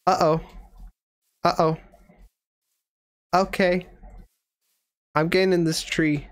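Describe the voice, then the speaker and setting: A streamer playing a horror game with a friend, excitable and jokey in casual chat. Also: mid-range voice, slow pace. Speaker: gaming streamer. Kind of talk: casual gaming livestream chat.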